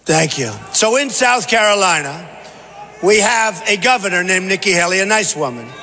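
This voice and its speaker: A man's voice: high-pitched, lively intonation, normal speed. A man giving a campaign rally speech as a candidate, boastful and repetitive in punchy bursts. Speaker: political candidate. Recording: reverberant hall, faint background noise.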